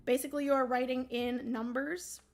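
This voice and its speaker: A woman hosting a board game livestream, explaining the rules casually with many ums and a throaty morning voice that she keeps clearing. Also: sits high, fairly even intonation, fairly quick, darkish tone. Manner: chatty, many ums, thinks aloud.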